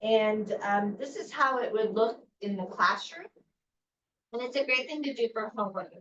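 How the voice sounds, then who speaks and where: A woman teacher demonstrating a reading routine, deliberate and encouraging. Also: fairly high pitch, background noise. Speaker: first grade teacher. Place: school room presenting to parents. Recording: roomy, distant, dull sound.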